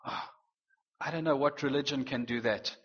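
A man preaching a sermon, earnest and animated, slipping in playful teasing asides. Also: mid-range voice, normal speed, husky. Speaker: pastor. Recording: dull, reverberant hall sound.

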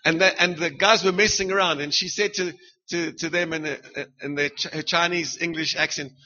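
A middle-aged man with a South African accent preaches in a lively, joking way, throwing question after question at his listeners. His voice sits high and bright with a husky edge. The recording sounds dull and lo-fi. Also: moderate pace. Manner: lively, punchy, humorous preaching with rhetorical questions. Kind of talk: sermon.

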